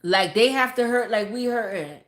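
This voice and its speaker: Female vlogger, slightly high voice, blunt and profane, casual rant; roomy echo. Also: animated, moderate pace. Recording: echoey room.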